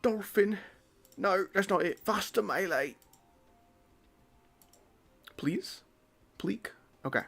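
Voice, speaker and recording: A man's voice: high-pitched, expressive, slow, vocal fry, long pauses, a bit bright, faint music behind. A young man streaming, chatting casually and joking, his voice sometimes trailing off into mumbles. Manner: rambling, joking, drifts into mumbling. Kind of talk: casual live-stream chat.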